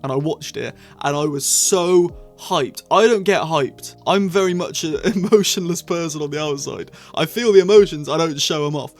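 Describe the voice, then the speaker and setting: A man chatting excitedly as he reviews episodes of a TV series, full of quick asides. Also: a little high, faint music behind. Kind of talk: casual review monologue.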